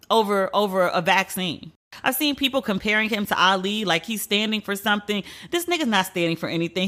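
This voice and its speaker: A woman hosting a solo podcast, talking bluntly and profanely as she tells stories and vents. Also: mid-range voice. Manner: blunt, profane, animated storytelling. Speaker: podcast host.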